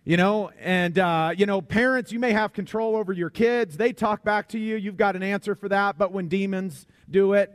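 A man's voice: sits high, moderate pace, few pauses, dry recording, studio quality. A man preaching a sermon in a conversational, folksy way, often repeating words as he explains a Bible passage. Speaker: pastor.

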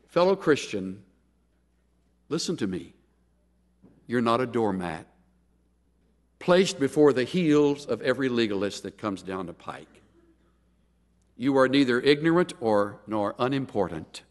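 Animated preacher man in a reverberant hall. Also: measured pace, pauses often. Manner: animated storyteller, voices quotes with big pitch jumps. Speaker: pastor. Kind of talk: sermon.

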